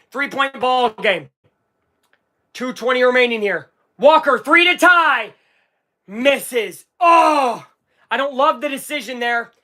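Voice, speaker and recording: A live streamer calling a basketball game as an excitable fan, swinging from low muttering to shouting and swearing. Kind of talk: live fan watch-along commentary.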